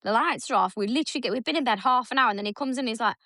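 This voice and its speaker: A woman's voice: a little high, racing, hardly any pauses, dry recording, clean studio sound. A woman co-hosting a podcast, telling stories in casual chat and acting out her son's lines. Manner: animated storytelling, acts out her son's lines. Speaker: podcast co-host.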